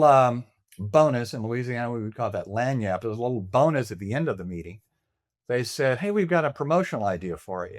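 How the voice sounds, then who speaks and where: An older man recounts stories in a candid, anecdotal way, pausing on fillers and restarting sentences. His voice sits in an ordinary mid pitch and sounds dry and close, with no room sound around it. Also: no room sound. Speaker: interview guest, leadership coach. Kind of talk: conversational storytelling.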